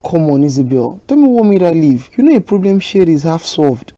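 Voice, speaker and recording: A woman with a Nigerian accent voicing a caring young man in an animated drama, coaxing and questioning his girlfriend. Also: low-pitched, brisk, no echo. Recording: dull lo-fi voice.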